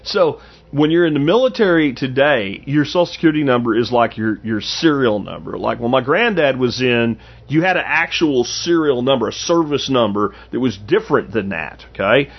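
In a casual podcast monologue, a man in his fifties wanders through anecdotes, restarting often. His mid-range voice is husky and animated at a normal speed, heard through lo-fi sound.

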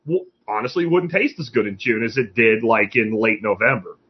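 A man hosting a podcast, chatting casually and telling an animated anecdote. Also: on the low side, normal speed, slightly rough, muffled recording. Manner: animated, tells anecdotes with acted-out dialogue. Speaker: podcast host. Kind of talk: casual conversational storytelling.

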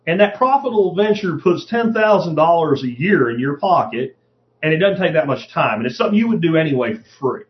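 A man's voice: on the high side, expressive, brisk. A middle-aged man hosting his podcast in a casual, profane monologue, often acting out the voices of people he quotes. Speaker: podcast host. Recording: dull lo-fi podcast audio.

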